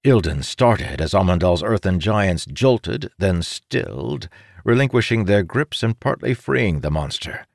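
Male audiobook narrator, low register, dry close sound, dramatic fantasy reading. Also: animated, a little slow, gravelly, no echo. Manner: dramatic reading, voicing characters' shouts.

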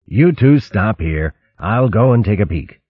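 A man's voice: on the low side, animated, unhurried, slightly rough, no echo, muffled recording. A man voicing a cheeky, boastful male mouse thief who jokes brashly and hurls comic insults. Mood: cocky. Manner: brash, jokey, name-calling.

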